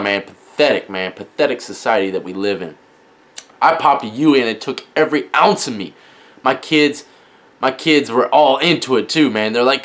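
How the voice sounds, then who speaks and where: A man vlogging, telling a story to camera in an animated, slangy, dramatic way. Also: medium pitch. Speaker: gaming streamer and vlogger.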